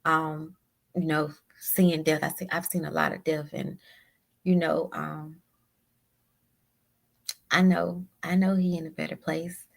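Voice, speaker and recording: Halting woman with a gravelly low voice. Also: little pitch movement. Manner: halting, repeats words, emotional. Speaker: podcast guest. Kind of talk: candid personal storytelling.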